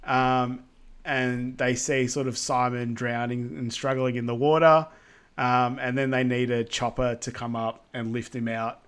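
A man's voice: medium pitch, flat delivery, fairly bright tone, smooth. Chatty man rambling through a recap. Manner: rambling with many fillers and quick asides. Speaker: podcast co-host. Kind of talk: casual film recap chat.

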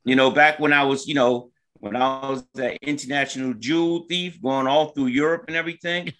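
A man's voice: mid-range voice, steady tone, fairly quick, fairly bright tone. A laid-back man, a comedian co-hosting a talk show. He chats casually and jokes in a mid-range voice, often repeating a phrase for effect. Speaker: comedian co-host. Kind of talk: casual radio show chat.

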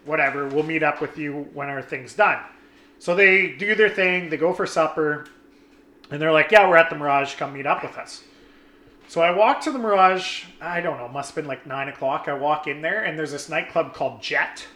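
Animated storytelling man, bright roomy voice. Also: on the high side, moderate pace. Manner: animated, swearing, acts out friends' lines. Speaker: guest telling a story. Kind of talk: casual storytelling.

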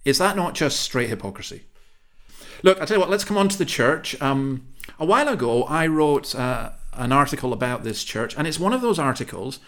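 Chatty Scottish podcast host. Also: male voice, fairly high pitch, lively intonation, fairly quick, fairly bright tone. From Scotland. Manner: opinionated, chatty, laughs easily. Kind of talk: casual chat.

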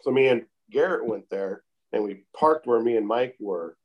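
Man, calm storyteller in casual interview, unhurried, mid-pitched, keeps adding "I said.". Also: muffled recording. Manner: calm, unhurried, repeats "I said" often. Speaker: interview guest telling a story.

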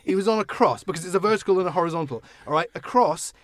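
Fast, animated man hosting. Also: sits high, no room sound, studio quality. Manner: animated, joking, quick-talking. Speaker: podcast host. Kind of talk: casual car podcast chat.

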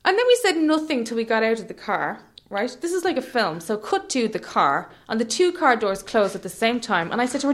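An Irish woman chatting casually and telling a story, her voice sitting a touch high and swinging into big, loud jumps whenever she acts out what people said. She talks in an animated, expressive way. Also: brisk, hardly any pauses, noisy background.

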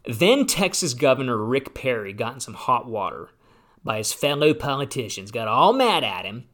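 A man's voice: mid-range voice, normal speed. Fired-up male retirement show host. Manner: animated, gets fired up, sarcastic asides. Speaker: retirement planning radio host. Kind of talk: casual solo talk show.

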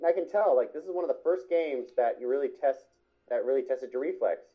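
A man's voice: medium pitch, lively intonation, a little fast, lo-fi sound. A man in his thirties co-hosting a podcast, goofy and playfully theatrical. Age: 30s. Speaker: podcast co-host. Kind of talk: casual chat.

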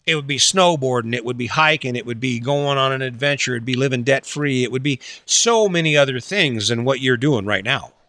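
A man's voice: mid-range voice, fairly quick, few pauses, bright, forceful tone, dry recording, studio quality. A man giving a casual motivational talk, blunt and full of rhetorical questions, with some swearing and mocking quoted voices.

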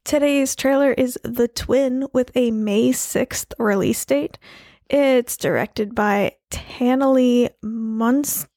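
Sick woman with a gravelly voice. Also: fairly high pitch, slow pace, mellow, no echo, clean studio sound. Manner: self-deprecating, rambling with restarts. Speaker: podcast co-host. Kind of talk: casual podcast chat.

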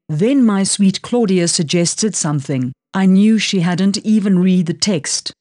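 A woman narrating a first-person audiobook in a steady, even reading voice. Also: mid-range voice, a little slow, few pauses, dry recording, studio quality.

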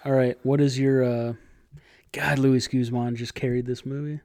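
A man's voice: medium pitch, level tone, moderate pace, a little mellow. A man co-hosting a podcast, wry and sarcastic, swearing casually while chatting about a film. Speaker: podcast co-host. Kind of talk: casual movie review chat.

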